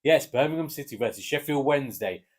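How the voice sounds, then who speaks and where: A man with an English accent casually chatting through football match predictions, relaxed and hesitant with fillers. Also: mid-range voice, fast talker. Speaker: co-host giving match predictions. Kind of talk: casual chat.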